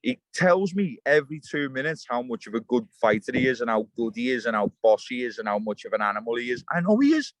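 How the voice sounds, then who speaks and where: Fishing by the water, a young interview guest talks straight and swears his way through a heated rant. He has a mid-range voice and talks fast with few pauses, captured in a dry recording with poor audio.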